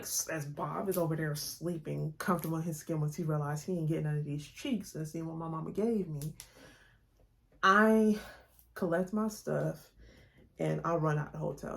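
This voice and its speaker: A young woman vlogger telling a storytime in a chatty, slangy, animated way to her viewers. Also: deep voice, creaky. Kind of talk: casual storytime chat.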